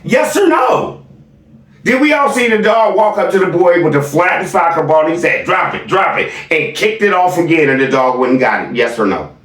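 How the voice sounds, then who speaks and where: Sarcastic man with lively, swinging pitch. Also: brisk, roomy sound, recorded from a distance. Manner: sarcastic, questioning the viewer. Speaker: commentator reacting to clips. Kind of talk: mocking reaction commentary.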